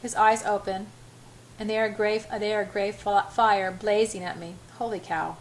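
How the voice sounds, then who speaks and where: A woman's voice: medium pitch, fairly even intonation, unhurried, low-quality recording. A woman reading a first-person romance novel aloud in a breathless, emotional way. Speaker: audiobook reader.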